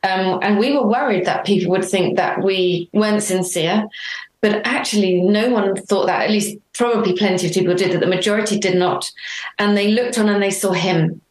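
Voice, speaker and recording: A middle-aged woman being interviewed, telling her story earnestly and warmly, acting out remembered dialogue. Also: medium pitch, normal speed. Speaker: interview guest. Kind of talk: reflective conversational interview. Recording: roomy echo.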